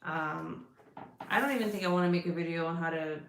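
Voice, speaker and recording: A woman's voice: on the low side, brisk, fairly bright tone. Chatty woman in an echoey room. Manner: chatty and profane, talks to her cat between thoughts. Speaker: crafting livestream host. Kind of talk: casual livestream chat with viewers. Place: indoor room at her craft desk.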